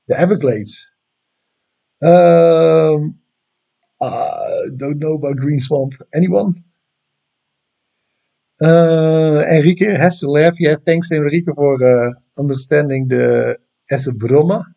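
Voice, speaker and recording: Dutch guy doing a chill live stream, bit of a higher voice, lots of uh's, friendly with the chat. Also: slow pace, gravelly, long pauses, warm tone, highs cut off. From Netherlands. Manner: friendly, reads out viewer comments, frequent "uh" fillers. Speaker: astronomy livestream host.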